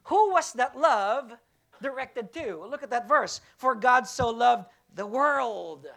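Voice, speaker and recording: A woman's voice: fairly high pitch, expressive, slow, gravelly, fairly bright tone. A woman pastor preaching a sermon to her church, emphatic and repetitive, asking the congregation rhetorical questions.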